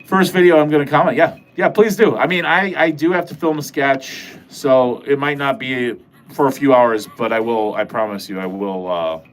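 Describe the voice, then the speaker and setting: A man's voice: mid-range voice, normal speed. A man with a nasal Midwestern American accent chats loosely through a livestream. He rambles from thought to thought, swears freely and cracks jokes at his viewers. Faint music sits under his voice. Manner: rambling, profane, joking to chat. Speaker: livestream host. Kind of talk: casual livestream chat.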